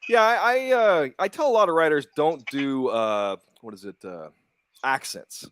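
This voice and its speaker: A man's voice: a little high, animated, normal speed, background noise. A man, a comics writer and publisher, talking candidly in a casual interview with frequent restarts and some swearing. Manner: candid, profane, stumbling restarts.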